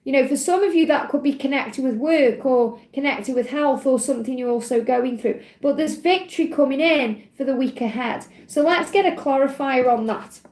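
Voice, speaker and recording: A woman's voice: sits high, moderate pace, hardly any pauses, darkish tone, roomy sound. A woman giving an earnest, emotional live tarot reading, often saying "you know" and "okay". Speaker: tarot reader. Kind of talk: live-streamed spiritual card reading.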